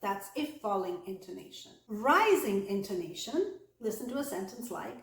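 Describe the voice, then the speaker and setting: A woman giving an online English pronunciation lesson, speaking clearly and deliberately and slowing down to model example sentences. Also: medium pitch, sing-song, echoey room. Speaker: English accent coach.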